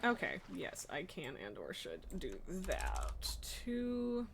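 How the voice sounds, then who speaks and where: A woman's voice: lowish voice, wildly swooping pitch, slow pace, creaky, slight background noise. A woman streaming a video game, chatting casually, laughing often and swearing freely while she plays. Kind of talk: casual live-stream chat.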